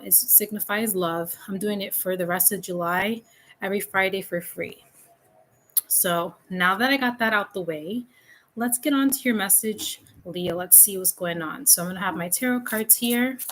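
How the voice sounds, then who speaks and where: A woman's voice: medium pitch, fairly bright tone, rough recording. A woman giving a casual tarot reading to camera at home, chatty and informal with loose fillers. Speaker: tarot reader. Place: room at home with a fan. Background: faint renovation noise from upstairs.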